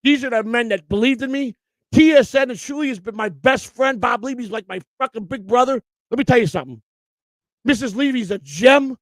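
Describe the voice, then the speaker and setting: A man's voice: very high voice, brisk, fairly bright tone, no echo. A man co-hosting a streamed morning show, ranting in a profane, repetitive and emotional way. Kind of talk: heated livestream rant.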